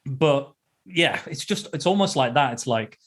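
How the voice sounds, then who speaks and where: A man's voice: mid-range voice, lively intonation, unhurried, slightly rough. A man hosting a podcast, chatting casually about a film and often repeating and restarting his phrases. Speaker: podcast host. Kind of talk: casual film review chat.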